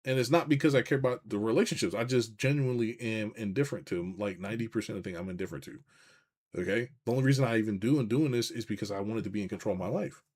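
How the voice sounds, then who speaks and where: Man, lowish voice, live-stream chat, rambling, swears a lot, keeps restarting sentences. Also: very fast, darkish tone. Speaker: business coach hosting a live stream. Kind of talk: casual live-stream chat, reading viewer comments.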